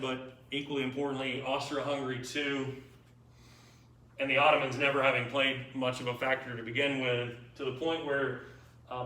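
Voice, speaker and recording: A man's voice: mid-range voice, pushed and bright. A man giving an informal, wry history lecture to a class, checking in with his students as he goes. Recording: echoey room, mic far off.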